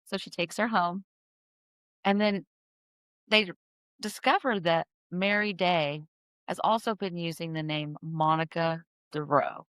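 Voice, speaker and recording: Lower-voiced woman telling a crime story. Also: fairly even intonation, a little slow, pauses often, a bit bright, clean tone, no echo. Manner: chatty, filler-heavy, self-correcting storyteller. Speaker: podcast co-host telling a true-crime story. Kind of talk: casual storytelling chat. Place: in-person podcast studio.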